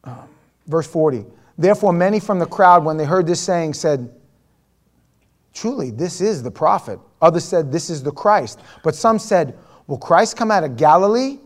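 A male pastor with a high voice, preaching verse by verse from the pulpit. He swings from quiet, close asides to loud, heated bursts when he mimics doubters. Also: moderate pace. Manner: animated preaching, swinging from hushed asides to near-shouting mimicry. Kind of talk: expository sermon.

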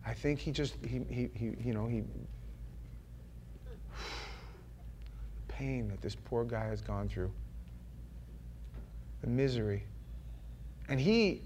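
A man preaching a sermon in a loose, conversational way, rambling with restarts and often dropping to a quiet murmur. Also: medium pitch, normal speed, long pauses.

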